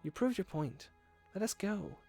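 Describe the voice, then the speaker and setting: A man's voice: high-pitched, animated, a little slow, warm tone, soft background music, pitched above the performer's own voice. A man doing a frightened pleading girl.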